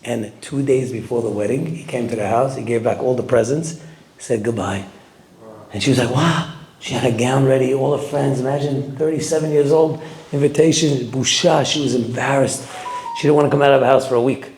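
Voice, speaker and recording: A man giving a sermon as a rabbi, animated, swinging between loud emphasis and quiet asides. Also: medium pitch, a little fast, reverberant. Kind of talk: sermon with storytelling.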